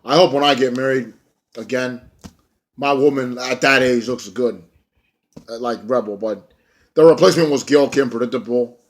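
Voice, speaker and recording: A man's voice: medium pitch, normal speed, long pauses. Profane, ranting young man reviewing wrestling. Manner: blunt, profane, animated ranting with mocking impressions. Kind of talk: casual video review.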